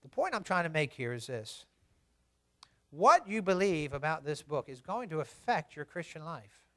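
A man, a pastor, delivering a sermon with animated storytelling, moving from soft asides to loud, emphatic preaching. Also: on the high side, normal speed.

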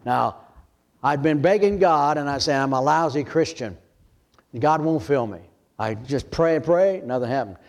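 An older man from Michigan preaching a sermon as pastor, telling his story in a hushed voice and then rising to loud pleading. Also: a little high, animated, normal speed.

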